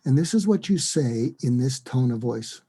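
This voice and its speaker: A man, a psychiatrist, giving advice in an interview, acting out lively example dialogues. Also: mid-range voice, moderate pace, slightly rough. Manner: animated, acts out dialogue in quoted voices. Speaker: psychiatrist and guest.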